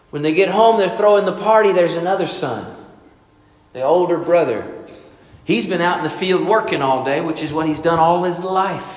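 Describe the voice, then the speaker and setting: A man preaching a sermon, telling a story and acting out the voices in it, swinging from loud to soft. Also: a little high. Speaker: pastor. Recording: echoey hall.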